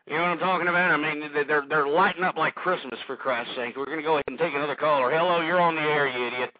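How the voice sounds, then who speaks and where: Ranting high-voiced radio host. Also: male voice, quick pace, no room sound. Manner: ranting, combative, repeats himself. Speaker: radio talk show host. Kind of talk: angry call-in radio commentary. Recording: dry phone-like radio audio.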